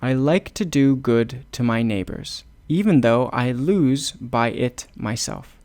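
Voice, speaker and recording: A man voicing an obliging male country shepherd in a storybook reading, in a gravelly voice. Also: mid-range voice, expressive, slow pace, darkish tone.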